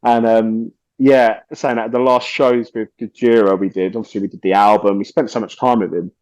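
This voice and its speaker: A man's voice: on the low side, steady tone, normal speed, darkish tone, dry recording, dull audio. A man, a podcast guest telling stories casually, animatedly acting out quotes and swearing freely.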